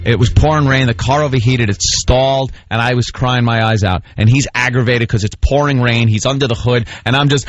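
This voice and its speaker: A middle-aged man, co-hosting a radio show and telling stories in an animated way, acting out shouted voices. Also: medium pitch, a little fast, hardly any pauses, highs cut off. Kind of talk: casual storytelling on radio.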